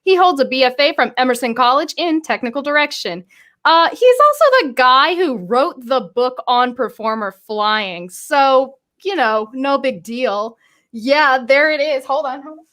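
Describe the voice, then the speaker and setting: A woman hosting a live-streamed career interview, bubbly and excitable, often stumbling over her words. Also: high-pitched, unhurried. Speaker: host.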